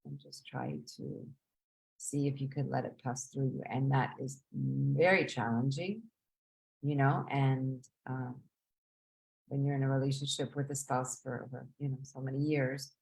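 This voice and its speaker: A woman hosting a live question and answer stream, giving reflective advice in a measured way, often pausing with "um" and asking "right?". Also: extremely low pitch, fairly even intonation, vocal fry, a little mellow.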